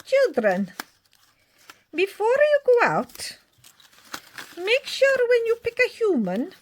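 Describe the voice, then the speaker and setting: A woman's voice: huge pitch swings, slight background noise, heavily acted. A woman voicing a mock-stern vampire parent warning children, in an odd put-on Scottish-like accent. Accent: put-on odd Scottish-like mix. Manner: high, loud, drawn-out mock warning.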